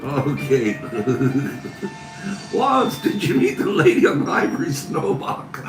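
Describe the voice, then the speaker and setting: A man's voice: fairly high pitch, wildly swooping pitch, takes it slowly. A man hosting a casual live stream, reading viewer comments aloud and laughing constantly. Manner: laughs constantly, giggly and teasing. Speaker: livestream host. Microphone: phone camera. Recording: echoey room with music behind.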